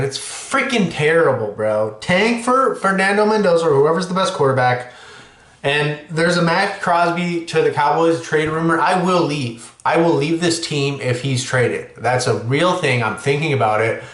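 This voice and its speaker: Male sports podcast host, higher voice, excitable, profane rants, echoey room.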